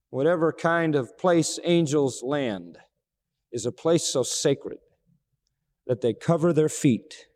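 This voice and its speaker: A man preaching a sermon with a dramatic delivery. He acts out quoted dialogue and swings from hushed low passages to ringing high exclamations. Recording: long hall reverb.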